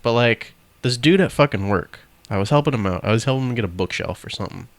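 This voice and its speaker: A man's voice: mid-range voice, fast talker, dry recording. A young man co-hosting a casual podcast chat, swearing freely and telling stories with quoted voices. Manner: profane, animated storytelling with quoted voices. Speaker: podcast co-host.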